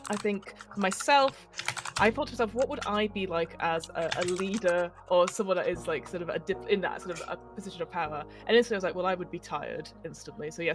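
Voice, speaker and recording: A woman hosting a livestreamed tabletop role-playing game as its facilitator, talking in a rambling way full of ums and self-corrections. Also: lowish voice. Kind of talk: casual chat running a tabletop game.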